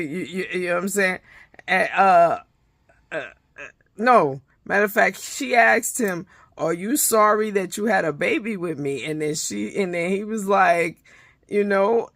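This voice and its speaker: A woman's voice: mid-range voice, a bit bright, no room sound, studio quality. A woman giving a casual, profane recap of a reality show episode, retelling scenes animatedly with many restarts. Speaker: reality TV reviewer.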